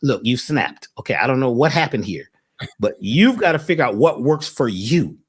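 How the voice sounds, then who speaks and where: A husky-voiced man talks as a guest, his pitch swooping up and down as he tells stories. He acts out the people in them as he goes. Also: normal speed. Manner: animated storyteller, acts out quoted people. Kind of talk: animated spiritual talk.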